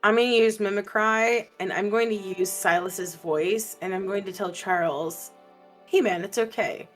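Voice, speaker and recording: A woman playing in a tabletop role-playing game, animated and arguing her case with the game master. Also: mid-range voice, normal speed, faint music behind. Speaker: player.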